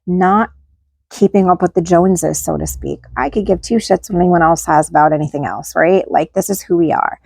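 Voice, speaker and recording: A woman's voice: fairly low pitch, vocal fry, dry recording, clean studio sound. A woman host chatting candidly to camera, frank and informal, often tagging lines with "like" and "right?". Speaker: channel host. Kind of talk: casual chat to camera.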